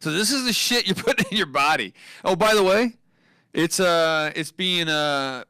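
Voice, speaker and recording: A man co-hosting a casual live show, excitable and profane, laughing often as he reads out odd news stories. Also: fairly high pitch, moderate pace, clean tone, no room sound, clean studio sound. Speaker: co-host.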